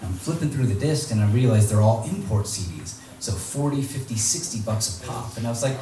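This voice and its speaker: A man giving a storytelling talk to an audience, animated and acting out the voices of people he quotes. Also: mid-range voice, brisk, few pauses, recorded from a distance. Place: large hall with audience. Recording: echoey hall, voice from off-mic.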